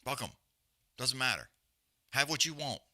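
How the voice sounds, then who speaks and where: A man's voice: medium pitch, very animated, normal speed, bright, forceful tone. A man hosting a live show, ranting bluntly with constant swearing and emphatic repetition. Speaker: podcast host. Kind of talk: profane rant on a live stream.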